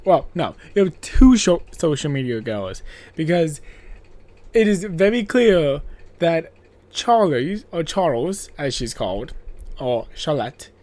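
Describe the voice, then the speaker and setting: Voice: mid-range voice, very animated, takes it slowly, darkish tone. A podcast host in a casual horror movie review chat, rambling and self-interrupting, laughing often and swearing casually.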